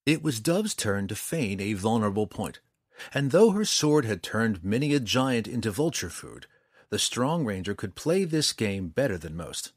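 A man narrating a fantasy story in an expressive storytelling manner. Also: fairly low pitch, normal speed, dry recording, clean studio sound. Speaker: audiobook narrator.

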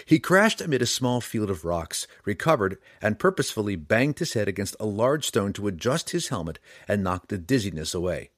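A man narrating a fantasy adventure audiobook in an expressive, dramatic storytelling manner. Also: fairly low pitch, normal speed, hardly any pauses, no room sound, studio quality.

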